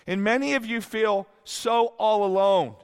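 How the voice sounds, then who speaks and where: A man in his fifties preaching a sermon, telling a candid personal story that moves from hushed lines to exclaiming ones. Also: high-pitched, unhurried, clear, resonant tone, long reverb tail. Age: 50s. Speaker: pastor.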